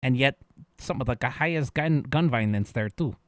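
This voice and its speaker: A man in casual in-character roleplay banter, animated, dropping Chicano slang. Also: mid-range voice, normal speed, no room sound, clean studio sound.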